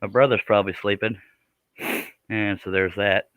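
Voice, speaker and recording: A man's voice: lowish voice, steady tone, moderate pace, phone-quality sound, a little hiss or hum. A man hosts a casual scroll saw livestream, folksy and self-deprecating, laughing often. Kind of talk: casual chat.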